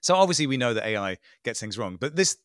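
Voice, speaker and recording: Man, podcast co-host, sardonic and lively, clean close dry sound. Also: mid-range voice, fast, clean tone, no echo. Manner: animated, mocking impressions, sarcastic. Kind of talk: casual tech podcast chat.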